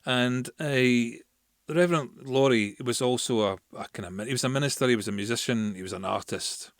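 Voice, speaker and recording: Man, podcast host, chatty storyteller, mid-pitched voice, slow verse reading, dry close sound. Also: no room sound. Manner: chatty, with restarts and fillers, reads verse slowly. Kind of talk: casual storytelling and poetry reading.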